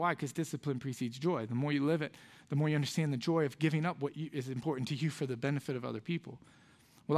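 An earnest pastor delivers a sermon in a church. His voice sits in a middle pitch, and he tells stories conversationally, often dropping to soft, quiet lines. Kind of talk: sermon with personal story. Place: church sanctuary.

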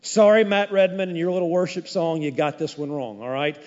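A male pastor preaching a sermon in an animated, conversational way, with frequent asides to the congregation. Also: a little high, fairly quick. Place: church sanctuary. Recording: dull, echoey hall recording.

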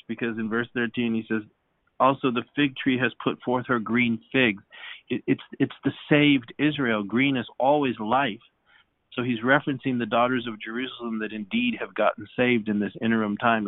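A man's voice: medium pitch, no room sound. Fervent man teaching the Bible, phone-like sound. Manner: fervent, repeats himself, frequent hallelujahs. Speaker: Bible study leader. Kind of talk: preaching Bible study discussion.

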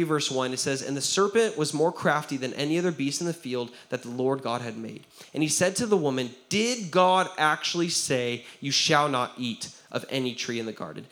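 A young man preaching a sermon as pastor, conversational and earnest, often checking in with "right?" and acting out quoted voices. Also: a little high. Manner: acts out quoted voices, drops to a quiet tone for serious stories.

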